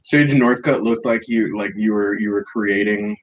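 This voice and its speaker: Male podcast co-host, lower register, crude teasing banter, faint background noise. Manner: profane, teasing, quick roasting jokes.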